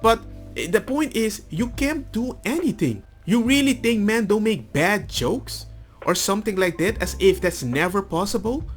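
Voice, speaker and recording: A man with a higher-than-average voice talks through his opinions in an argumentative commentary, his pitch swinging widely as he acts out the conversations he quotes. Faint music plays behind him. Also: expressive, unhurried. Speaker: commentary video host.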